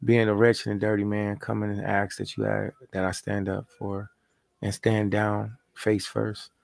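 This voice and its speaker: A man's voice: fairly low pitch, monotone, measured pace, vocal fry, no echo. A man leading a spoken prayer, chanting repeated invocations and confessing his faults. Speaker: prayer leader.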